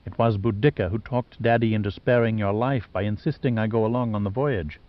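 A man's voice: lowish voice, brisk, natural voice. Deirdre, a man reading a cold scheming sister. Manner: calm, impassive, mocking. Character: wealthy cold scheming woman, adult sister. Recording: dull lo-fi audiobook recording.

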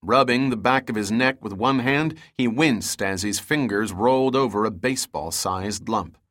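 Man narrating an audiobook, steady. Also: fairly low pitch, normal speed.

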